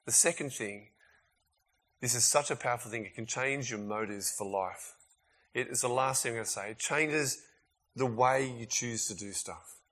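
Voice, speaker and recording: A man preaching a sermon in a casual, emphatic way, swinging between loud bursts and quiet asides. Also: medium pitch, normal speed.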